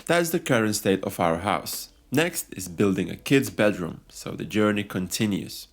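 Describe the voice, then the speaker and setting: A man's voice: fairly low pitch, lively intonation, normal speed. A man narrating a voice-over on his farmhouse renovation, explaining each step plainly with slightly non-native phrasing. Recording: faint music behind.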